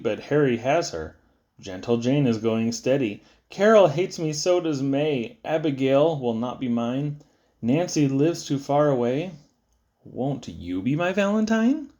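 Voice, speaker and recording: A man giving a playful, sing-song reading of children's poems, with sudden high squeaks and low drops. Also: lively intonation, unhurried, warm tone, highs cut off. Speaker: poetry reader.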